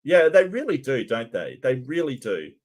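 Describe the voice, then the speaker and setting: A man's voice: medium pitch, very animated, normal speed, darkish tone. A man hosting a reaction video, giving sarcastic, rambling commentary. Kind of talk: casual commentary.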